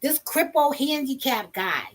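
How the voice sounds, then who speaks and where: A woman vlogger telling a personal story in a casual, blunt, animated way, with some profanity. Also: sits high, measured pace.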